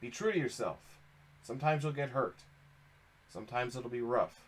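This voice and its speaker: A man voicing a gruff, stern middle-aged father who runs a fish shop, talking in a blunt, scolding way. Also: mid-range voice, lively intonation, moderate pace, pitched below the performer's own voice, close to an everyday voice. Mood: earnest.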